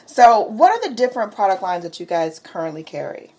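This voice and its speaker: A woman's voice: medium pitch, very animated, fairly quick, mellow. A woman hosting an interview, enthusiastic and gushing, with casual slang. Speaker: podcast host.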